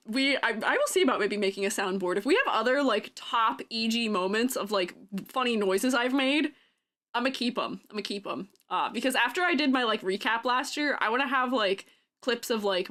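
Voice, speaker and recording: A young woman chatting casually on stream, her voice high and bouncing all over the place. She giggles constantly and breaks into goofy yells and sound-effect noises. The delivery is loose and unscripted. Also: animated, moderate pace.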